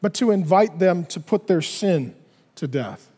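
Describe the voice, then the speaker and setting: A male pastor preaching a sermon in an animated way, acting out little dialogues in other voices. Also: high-pitched, unhurried, husky, long reverb tail.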